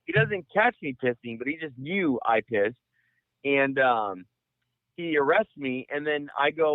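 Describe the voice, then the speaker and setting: A young man from the Bay Area telling a long profane story on a podcast, rambling and animated. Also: mid-range voice, unhurried, no echo. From San Francisco Bay Area. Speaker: podcast host. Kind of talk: casual storytelling. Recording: dry, phone-like audio.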